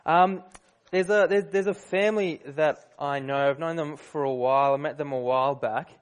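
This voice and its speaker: Guy giving a sermon, casual storyteller vibe, kinda high voice. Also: normal speed. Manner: conversational storyteller, many fillers and restarts. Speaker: preacher.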